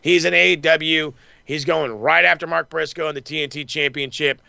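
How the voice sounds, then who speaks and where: A man with a fairly high, gravelly voice and a bright, forceful edge rattles through a casual recap chat. He swears constantly and slips into quick impressions of the people he quotes. The sound is dry and close. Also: dry recording, dull audio. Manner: profane, excitable, acts out quotes. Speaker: wrestling podcast host.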